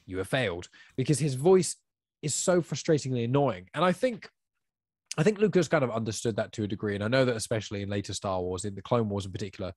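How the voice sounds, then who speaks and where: A man chatting casually on a podcast, giving strong opinions with quick bursts of speech. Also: medium pitch, lively intonation, a little mellow, dry recording, studio quality. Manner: opinionated, spurts of fast talk. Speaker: podcast guest.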